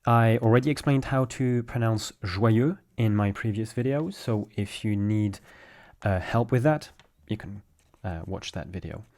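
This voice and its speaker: A man from France with a French accent, patiently explaining French pronunciation in a relaxed way, with small fillers. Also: lowish voice, measured pace. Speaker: French teacher.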